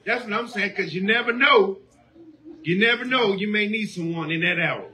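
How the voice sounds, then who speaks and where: Man, sermon, high pitch, forceful tone, call-and-response shouting. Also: moderate pace. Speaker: preacher.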